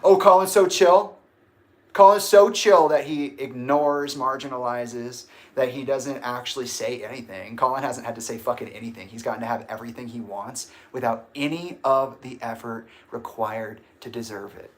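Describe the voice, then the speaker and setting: A man venting on a livestream in a mid-pitched voice, swearing freely. He talks casually, then breaks into sudden loud shouts. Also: steady tone, moderate pace, few pauses. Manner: profane and emphatic, with sudden bursts of shouting. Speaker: livestream host.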